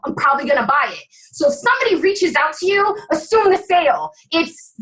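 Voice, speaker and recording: A woman's voice: very high voice, sing-song, a little fast, few pauses, fairly bright tone, poor audio. A woman giving fired-up, blunt sales coaching as a guest on a video call.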